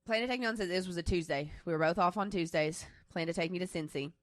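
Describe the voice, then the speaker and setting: A woman's voice: lowish voice, fast talker, dry recording, clean studio sound. A woman in her twenties co-hosting a casual podcast, telling a personal story in a candid, rambling way with many restarts. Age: 20s. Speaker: podcast co-host.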